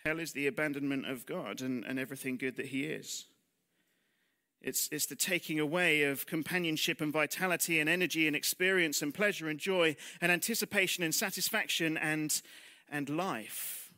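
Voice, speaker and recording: A slightly high, bright, forceful male voice at normal speed carries this church sermon. The preacher keeps things conversational through rhetorical questions and self-deprecating asides, and he lowers his voice almost to a whisper on serious lines.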